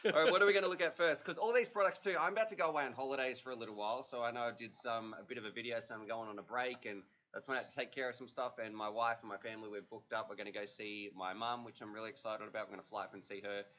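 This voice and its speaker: Fast-talking man, chatty host. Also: fairly low pitch, sharp tone. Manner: rambling, chatty, lots of fillers. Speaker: livestream host. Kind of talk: casual chat. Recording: dull lo-fi livestream audio.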